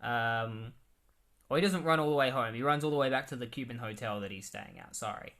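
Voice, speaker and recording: A man's voice: mid-range voice, a little fast, vocal fry, a bit bright. Rambling man recapping comics. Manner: rambling, filler-heavy. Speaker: comic book reviewer. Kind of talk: casual recap commentary.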